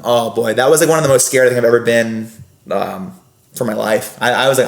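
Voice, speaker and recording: A young man, a podcast guest, animatedly telling a story with quick asides and lots of laughter. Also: mid-range voice, gravelly. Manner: lively, laughing, fast asides with filler "like". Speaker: podcast guest, former scare actor. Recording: roomy echo.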